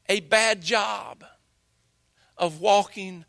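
A man preaching a sermon in a church, with slow, dramatic emphasis. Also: very high voice, bright, forceful tone. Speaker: pastor. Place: church sanctuary.

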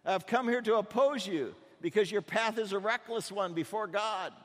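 A man's voice: high voice, normal speed, in a large hall, voice pushed up, natural voice. A man playing a stern male angel with a drawn sword, speaking in a solemn, rebuking way.

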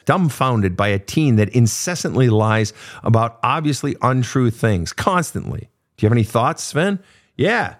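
Man, middle-aged, podcast host, blunt, swearing, lively pitch, casual advice monologue. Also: moderate pace. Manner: blunt, profane, animated storytelling. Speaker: podcast host answering listener questions.

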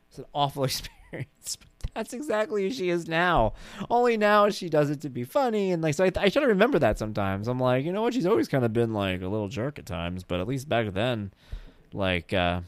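Joking and animated, a middle-aged man delivers a casual monologue about his daughter, mimicking her in high-pitched squeals. His pace is moderate and there is no room sound.

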